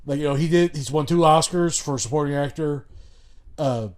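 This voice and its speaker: A man from Chicago with a fairly high voice rambles through a podcast over a remote call, swearing freely and circling back on himself. His talk is loose and full of restarts and asides. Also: moderate pace, darkish tone. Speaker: podcast co-host. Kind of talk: casual chat.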